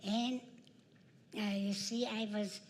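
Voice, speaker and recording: A woman in her nineties from Czechoslovakia, speaking as a guest in a church, slowly and warmly. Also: medium pitch, steady tone. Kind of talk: slow conversational testimony. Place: large church hall. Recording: church hall with long reverb.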